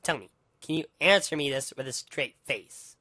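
A man's voice: mid-range voice, lively intonation, moderate pace, sharp tone, no room sound, studio quality. A man ranting angrily into the camera, swearing a lot and tripping over his words with repeated restarts. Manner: heated, profane, stammering restarts. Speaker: vlogger. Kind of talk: angry rant monologue.

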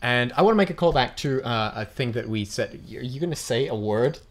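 A young Australian man who rambles through casual gameplay commentary, swearing often and laughing at his own jokes. His voice sits at a middling pitch, and a faint hum of room noise runs beneath it. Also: lively intonation, a little fast. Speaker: let's play host.

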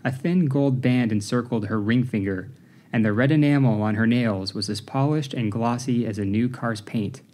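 In this scripted narration, a man reads from an audiobook at a medium pitch. His delivery stays steady and measured throughout.

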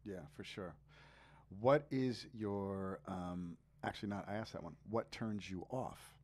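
Jersey guy hosting a podcast, kinda low voice, chill and laughing a lot. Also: measured pace, a little mellow. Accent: New Jersey. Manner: laid-back, laughs easily, slangy. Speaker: podcast host. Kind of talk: casual podcast interview.

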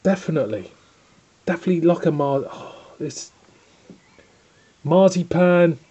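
A man's voice: a little high, measured pace, mellow, slightly rough, dull audio. A man with a Northern English accent hosting a casual home beer review, chatty and rambling, often breaking off to scold his dog.

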